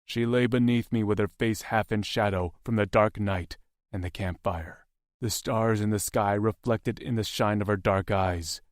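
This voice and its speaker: Low-voiced man narrating a romance. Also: steady tone, normal speed, no room sound, clean studio sound. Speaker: audiobook narrator. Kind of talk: first-person romance narration.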